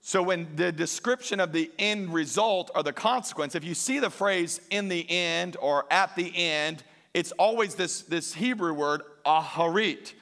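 A man with a high, bright voice preaches with a lilt. He pushes hard into loud, emphatic peaks, then drops to soft, joking asides with his congregation. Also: a little slow, hardly any pauses. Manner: emphatic, rises to near-shouting peaks and drops to quiet asides; jokes with the congregation. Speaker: pastor. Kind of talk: sermon.

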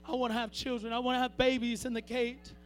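A man preaching a fervent sermon, repeating phrases and building from quiet to shouting. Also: very high-pitched, little pitch movement, fast, faint music behind. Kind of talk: Pentecostal-style sermon.

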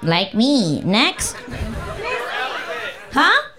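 Woman comedian, high voice, slow deliberate delivery, brash and profane, club stage mic. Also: wildly swooping pitch, crowd noise. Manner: brash, profane, playful, bursts into song. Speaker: stand-up comedian. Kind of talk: crowd-work stand-up.

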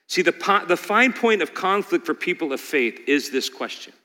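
Pastor, male, bright forceful voice, swings from hushed stories to loud pleading, long echo of a big hall. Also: fairly high pitch, animated, moderate pace. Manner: rises to loud pleading peaks, drops to quiet storytelling. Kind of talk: sermon.

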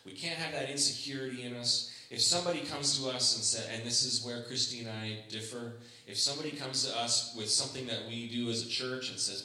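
A man's voice: mid-range voice, pushed and bright. A man preaching a sermon as pastor, conversational and humorous, often acting out the voices he quotes. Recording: echoey room.

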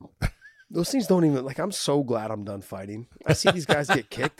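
A man's voice: medium pitch, very animated, normal speed, breathy edge, no echo. A man hosting a podcast in casual chat, easygoing and rambling, swearing freely. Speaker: podcast host.

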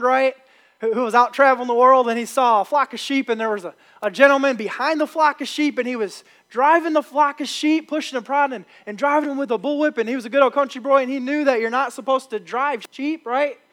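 A male pastor delivers a Sunday sermon. His voice is very high-pitched, and he drives his points home through emphatic repetition. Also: a bit bright.

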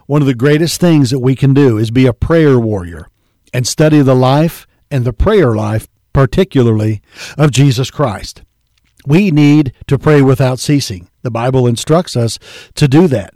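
A man's voice: medium pitch, normal speed, mellow, no room sound, studio quality. A man preaching a sermon, reading scripture aloud and calling his listeners folks. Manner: earnest preaching, reads scripture in King James wording; addresses listeners as folks and believer.

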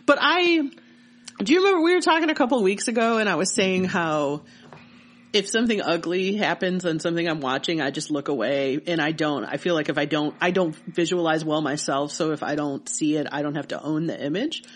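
A woman co-hosting a podcast, telling childhood memories in casual, animated chat. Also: deep voice, fairly quick. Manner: animated storytelling with laughter. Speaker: podcast co-host.

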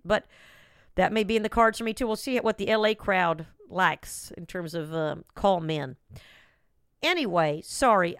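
A woman's voice: mid-range voice, fairly bright tone, clear, resonant tone, no echo, clean studio sound. A woman hosting a podcast, rambling through a comic monologue with wry, self-mocking asides. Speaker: podcast host, comedian.

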